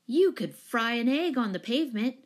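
A woman's voice: a little high, expressive, moderate pace, voice pushed up. A woman reading a storybook, voicing a cheeky younger brother who teases and retorts. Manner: teasing, retorting.

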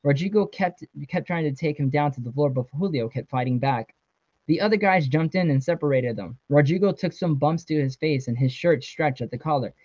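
A man's voice: on the high side, fairly quick, a little mellow, no echo. A man, a guest author, reading his novel aloud earnestly with small stumbles. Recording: dry, slightly dull sound.

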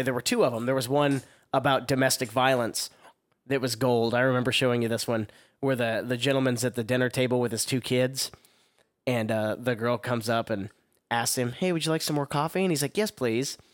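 A man chatting crudely and casually as a podcast co-host, rambling, laughing often and acting out quotes. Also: mid-range voice.

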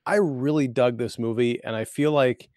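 A man co-hosts a relaxed movie podcast, walking through a plot recap with lots of ums and likes. His voice is mid-pitched and ordinary. It is recorded close and dry. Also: moderate pace, no room sound. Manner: rambling plot recap with many fillers. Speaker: podcast co-host. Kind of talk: casual movie-podcast chat.

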